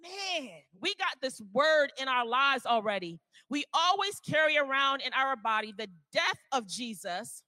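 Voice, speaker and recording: A woman elder preaching a fervent sermon, reading scripture slowly and calling on listeners to repeat after her, at times rising to a shout. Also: high voice, big pitch swings, no echo. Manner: reads scripture slowly and deliberately. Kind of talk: sermon with call-and-response.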